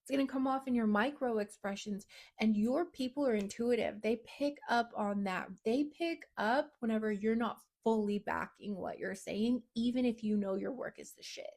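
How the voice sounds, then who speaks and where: A woman coach with a fairly high voice speaks straight to her viewers in a blunt, no-nonsense way, swearing freely. She punches some lines out loudly and drops others to a low, near-whisper. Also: normal speed. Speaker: business coach. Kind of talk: direct-to-camera coaching talk.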